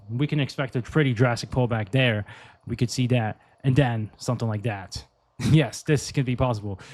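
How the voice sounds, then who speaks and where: A man's voice: mid-range voice, a little mellow, dry recording. A man giving casual crypto market commentary over charts, blunt, rambling and full of swearing.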